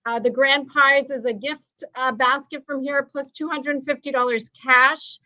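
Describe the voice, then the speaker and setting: A woman's voice: high voice, steady tone, pushed and bright. A woman from Canada, a nutritionist guest speaking on a video call from an office, upbeat and promotional. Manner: upbeat, promotional, quick asides. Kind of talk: podcast interview. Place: warm office.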